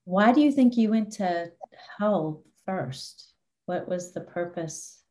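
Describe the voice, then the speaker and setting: Soft, slow-spoken woman host. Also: lowish voice, expressive. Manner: brief acknowledgements and questions. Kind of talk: interview.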